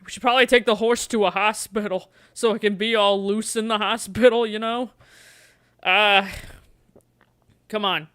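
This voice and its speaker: A woman's voice: mid-range voice, fairly even intonation, moderate pace, pauses often, fairly bright tone, clear, resonant tone, no echo, clean studio sound. A woman streamer playing a gamebook on a livestream, chatting playfully and coaxing the dice.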